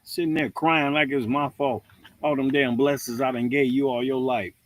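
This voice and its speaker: A man's voice: medium pitch, moderate pace. A man hosting a livestream, giving a casual, preachy rant with jokes. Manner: animated, preachy, joking. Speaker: livestream host.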